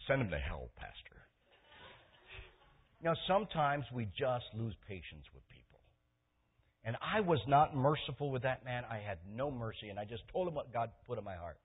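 A male pastor preaching a sermon, telling a story and swinging from hushed tones to loud, excited peaks. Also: medium pitch, moderate pace, slightly rough, narrow, tinny audio.

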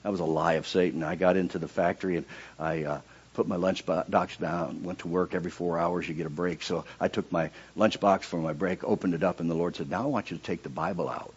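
Husky-voiced man preaching his testimony. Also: steady tone, fairly quick, highs cut off. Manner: voice leaps high and loud when reenacting pleas, drops low and quiet in narration. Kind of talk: emotional sermon testimony.

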